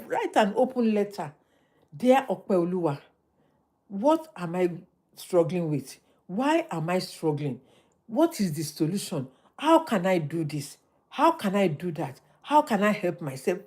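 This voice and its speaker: Animated woman giving life advice. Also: medium pitch, husky. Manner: animated, preachy, repeats phrases for emphasis. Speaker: livestream host. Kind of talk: motivational livestream talk.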